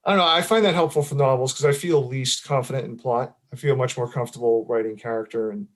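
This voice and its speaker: A middle-aged man speaks in an easygoing, conversational way, pitched squarely in the middle of the male range. He meanders through his thoughts, restarting phrases and scattering fillers as he goes. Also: fairly even intonation, quick pace. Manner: rambling, many fillers and restarts, laughs often. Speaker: author. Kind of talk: casual interview chat.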